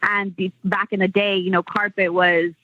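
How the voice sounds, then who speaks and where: A woman's voice: mid-range voice, flat delivery, normal speed, no echo. Rambling woman on a tinny line. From United States. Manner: rambling, many "like" fillers and restarts. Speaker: entrepreneur guest. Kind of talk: casual interview chat. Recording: tinny phone-line sound.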